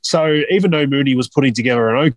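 A man's voice: mid-range voice, fast talker, dry recording. A man, co-hosting a podcast and bantering crudely about fantasy football. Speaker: podcast co-host. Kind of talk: casual fantasy football chat.

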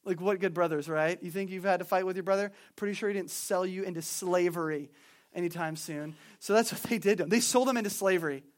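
A man retelling a story as a casual, animated sermon, full of slang, quick asides and repeated words. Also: sits high.

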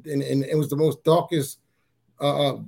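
A man sharing a personal testimony in a casual interview, halting and repeating his words as he tells it. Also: creaky. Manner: halting, repeats words, often says "you know what I'm saying"; grows animated at high points.

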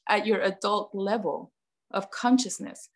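A woman's voice: mid-range voice, unhurried, creaky. A woman guest in a casual podcast conversation, talking earnestly, often repeating phrases and acting out what parents say to kids.

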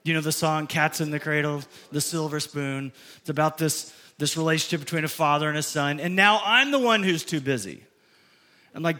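A man's voice: on the high side, brisk, bright, forceful tone. A man in his fifties from the American Midwest, a pastor preaching a conversational, storytelling sermon. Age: 50s.

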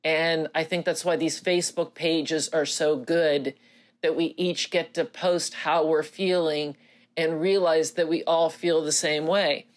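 A middle-aged woman speaking earnestly as a grieving mother to others who have lost children, halting and close to tears, with many pauses and fillers. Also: low-pitched, fairly even intonation. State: emotional, near tears. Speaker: bereaved mother addressing grieving parents. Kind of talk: personal video message.

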